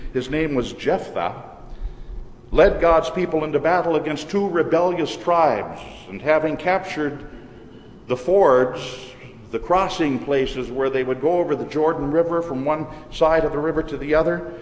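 A man from Minnesota with a Minnesotan accent, preaching a sermon as pastor in a measured, deliberate way. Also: fairly high pitch, a little hiss or hum. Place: church. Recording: reverberant church hall.

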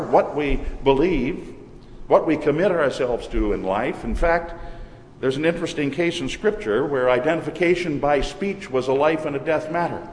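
A man from Minnesota with a Minnesotan accent, preaching a sermon as pastor in a measured, deliberate way. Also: a little high, a little hiss or hum. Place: church. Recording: reverberant church hall.

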